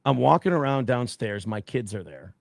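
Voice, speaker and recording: A man's voice: medium pitch, animated, moderate pace, vocal fry, no echo. A man telling a personal story in a profane, emphatic way. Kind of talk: recounted anecdote.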